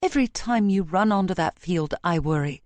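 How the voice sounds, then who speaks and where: Brief: a woman playing a gentle but firm lover, soft and slightly low. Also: expressive, fairly quick, no room sound, lightly acted. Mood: tender. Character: tender, resolute young woman, loving partner. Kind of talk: audiobook character voice.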